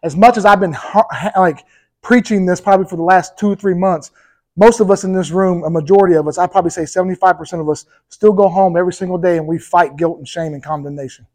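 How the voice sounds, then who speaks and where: A male pastor preaching a sermon with energetic emphasis, speaking straight to the congregation and often checking in with "okay?" and "right?". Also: sits high, fast, rough recording. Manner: addresses the congregation directly, with repeated "okay?" and "right?".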